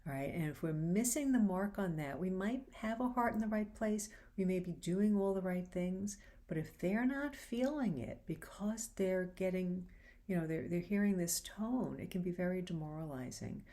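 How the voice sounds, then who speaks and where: A woman with a slightly low voice hosts a faith-based advice show. She talks in a relaxed, chatty way and slips into acted-out lines with lively changes of tone. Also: moderate pace. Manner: animated, acts out quoted lines. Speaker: host. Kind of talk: casual advice talk.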